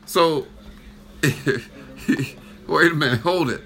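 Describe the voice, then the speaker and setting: A man casually reacting to a video, excitable and incredulous. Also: fairly high pitch, slow, vocal fry.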